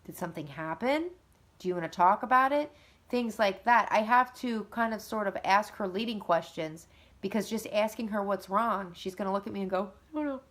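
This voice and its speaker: A woman, likely in her thirties, talking earnestly and conversationally about parenting and getting help, with lively emphasis. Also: medium pitch, normal speed. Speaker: mother of two. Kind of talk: casual advice talk.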